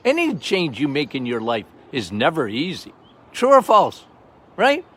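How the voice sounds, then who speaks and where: Older male doctor-host, loud and emphatic, slightly higher-pitched, off-the-cuff monologue. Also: huge pitch swings, unhurried, breathy edge. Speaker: health podcast host, doctor. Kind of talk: casual monologue.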